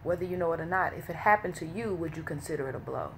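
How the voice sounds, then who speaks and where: A woman's voice: sits low, expressive, quick pace, slight background noise. A woman talking casually as a vlogger. She speaks candidly and emotionally, swears freely and uses many fillers. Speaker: vlogger leading a women's wellness study. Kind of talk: casual spoken commentary.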